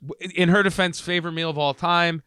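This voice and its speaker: A man co-hosting a casual podcast, telling a story in an animated way and acting out the quoted dialogue. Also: sits high, brisk, clean tone, dry recording, clean studio sound. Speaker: podcast co-host.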